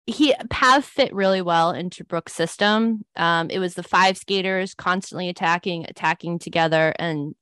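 A woman's voice: lowish voice, normal speed, few pauses, a bit bright, clean tone, no echo. A woman hosting a podcast in casual chat, giggly and chatty, easily thrown off by her co-host's jokes. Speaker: podcast host.

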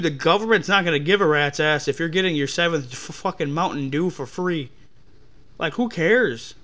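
Young guy ranting and swearing, a bit high voiced, fed up. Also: fairly bright tone. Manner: profane, exasperated ranting. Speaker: podcast host. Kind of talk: ranting about customers.

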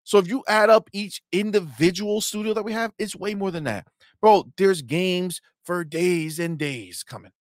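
A young adult man co-hosting a gaming livestream, animated and profane, trash-talking rival fans and reading viewer chat aloud. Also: high-pitched, moderate pace, dry recording, clean studio sound. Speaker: co-host of a gaming talk stream. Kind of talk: casual livestream banter.

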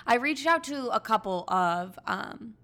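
A woman's voice: a little high, lively intonation, measured pace, sharp tone. A young woman in her twenties hosting a podcast, telling stories in a candid, dramatic way with lots of swearing. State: hungover. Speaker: podcast host. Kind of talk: casual chat.

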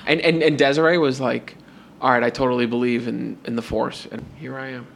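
A man co-hosting a podcast, telling a story in a casual, animated way and acting out both sides of the conversation. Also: mid-range voice, brisk, gravelly, a little hiss or hum. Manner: animated retelling with repeated "and I'm like". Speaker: podcast co-host.

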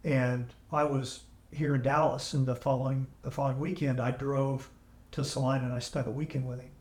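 Earnest male podcast guest, halting emotional storytelling, roomy audio. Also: medium pitch, little pitch movement, darkish tone. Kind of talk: candid storytelling. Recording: echoey room, AI-salvaged audio.

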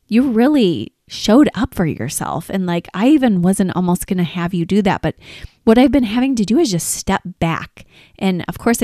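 A woman's voice: lowish voice, darkish tone, dry recording, studio quality. A woman in her forties hosting a podcast, talking casually and from the heart, with lots of "like" and quoted asides. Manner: chatty, heartfelt, many likes and quoted asides. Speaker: podcast host. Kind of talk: casual personal monologue.

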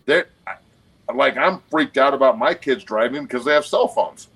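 A man in his forties guests on a casual podcast conversation, cursing heavily and speaking with blunt emphasis. The voice is mid-range, husky, and a bit bright, expressive at a normal speed, on a rough recording.

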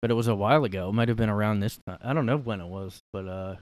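A man's voice: fairly low pitch, racing, no echo. A man hosting a podcast from his room, rambling through mocking commentary on a clip, full of fillers and asides. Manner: mocking, incredulous. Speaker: podcast host. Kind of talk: casual commentary reacting to clips.

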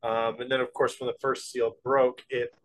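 A podcast co-host explaining at length in casual chat, rambling and unhurried. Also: medium pitch, little pitch movement, low-quality recording.

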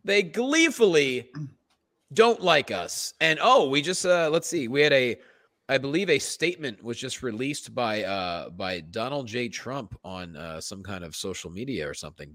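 A man's voice: mid-range voice, very animated, fairly quick, fairly bright tone. A man co-hosting a comedy podcast, riffing jokes in casual banter. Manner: jokey, riffing, laughs easily. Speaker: podcast co-host.

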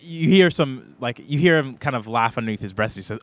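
A man running a tabletop role-playing game as game master, narrating in a hesitant way with many pauses and restarts. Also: mid-range voice, no room sound.

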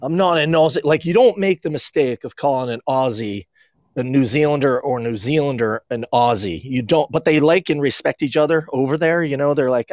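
A man's voice: mid-range voice, a little fast, a little mellow, dry recording, clean studio sound. A man from Maine co-hosting a casual podcast, telling rambling stories and acting out quotes. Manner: rambling storyteller, acts out quotes. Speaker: podcast co-host. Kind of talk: casual chat.

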